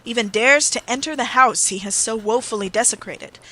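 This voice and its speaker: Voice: medium pitch, fairly quick, bright, forceful tone, voice pushed up, rough recording. An audiobook narrator voicing a bitter, earnest male Victorian secretary in a solemn, intense way. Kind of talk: audiobook character reading.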